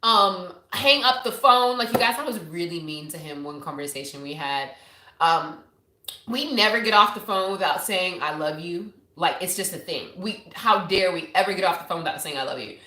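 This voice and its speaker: Animated woman chatting in an echoey room. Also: fairly low pitch, brisk. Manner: candid, animated storytelling. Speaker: live show host. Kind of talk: casual chat to viewers. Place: home office.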